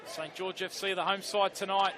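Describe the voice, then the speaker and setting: A man giving live football commentary from a stadium, rattling through fixtures and then shouting out the big moments. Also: high-pitched, a crowd in the background. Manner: fast excited play-by-play, shouting at big moments.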